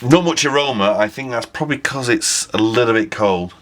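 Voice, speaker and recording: A man's voice: mid-range voice, fairly quick, fairly bright tone. A man talking casually as he reviews a beer on camera, rambling, correcting himself and chuckling at his own slips.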